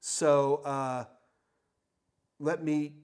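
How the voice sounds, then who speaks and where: A man's voice: fairly high pitch, flat delivery, very slow, a little mellow, smooth. An older man hosting a live tech Q&A, answering chat questions in a blunt, emphatic, ranting way. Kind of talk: live Q&A stream.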